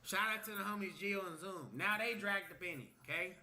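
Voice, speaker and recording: A man's voice: high voice, fairly quick, bright, forceful tone. A man telling a story on a livestream in a casual way, swearing, acting out what people said, and ending lines with "okay?". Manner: tags lines with "okay?", swears, acts out quotes.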